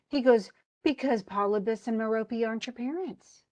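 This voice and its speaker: A woman's voice: fairly high pitch, moderate pace, a little mellow, no room sound. Chatty woman giving a casual literature lecture. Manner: chatty plot retelling with frequent "he goes" asides; switches between modern slang and quoted archaic verse. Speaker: literature instructor.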